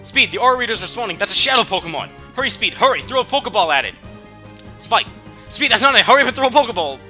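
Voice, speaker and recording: A man's voice: high-pitched, lively intonation, quick pace, pushed and bright, faint music behind, full character voice. A man reading out an impatient game companion who nags the player in a raised, pushy voice.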